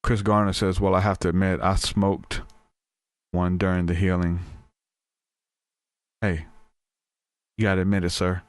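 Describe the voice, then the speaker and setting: A man with a fairly low voice tells an informal story as a podcast host, often stopping to act out what people said. He restarts sentences often as he goes. The sound is dry and close, with little room echo. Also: unhurried, pauses often, clear, resonant tone. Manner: animated, acts out quoted voices, frequent restarts.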